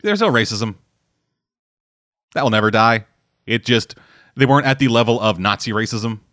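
A man's voice: medium pitch, expressive, normal speed, fairly bright tone, dry recording, studio quality. A man in casual chat who rambles, swears often and fills his talk with "like" and "uh". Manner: rambling, swearing, lots of fillers.

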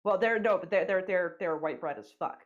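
A woman's voice: on the low side, brisk, dull audio. A woman hosting a podcast interview, chatting casually, teasing and swearing. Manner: animated, profane, teasing. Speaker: podcast host.

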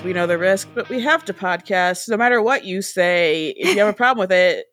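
A woman's voice: mid-range voice, expressive, brisk, a bit bright, dry recording, faint music behind. A woman co-hosting a podcast, playful and casual, opening the show with mock bravado. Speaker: podcast co-host. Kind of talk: casual chat.

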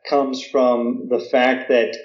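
A man's voice: medium pitch, level tone, slow, a little mellow. Chatty American man in an echoey room. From United States. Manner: chatty, self-deprecating, many fillers. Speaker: guest, American living in Croatia. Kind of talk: casual interview answers. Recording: echoey room, slightly dull audio.

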